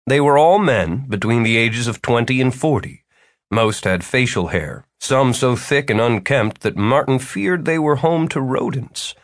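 A man reading a story aloud as a narrator, with wry, expressive storytelling. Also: on the low side, no room sound, clean studio sound. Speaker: audiobook narrator. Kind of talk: scripted narration.

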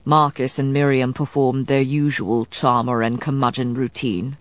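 A woman voicing a composed, protective male scholar who speaks calmly and firmly, in clipped phrases, as an audiobook figure. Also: medium pitch, moderate pace, no room sound, pitched below the performer's own voice, natural voice. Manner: calm, firm, clipped.

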